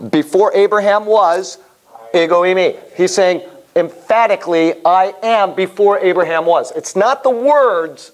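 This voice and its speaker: A man leading a Bible study class in a conversational way, asking the class questions as he teaches. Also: high-pitched. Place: room with a small class.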